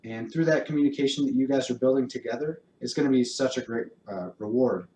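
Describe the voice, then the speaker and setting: A man of middle pitch gives a dog-training lesson, explaining each step in a calm, encouraging way. His voice bounces around an indoor room with a noticeable echo, over a faint hiss. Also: fast, distant mic. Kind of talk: instructional talk with live demonstration. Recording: roomy echo.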